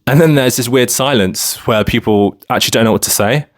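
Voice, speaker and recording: A man's voice: mid-range voice, a little fast. A man from London talking casually to camera in a rambling vlog monologue, full of filler phrases. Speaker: vlogger.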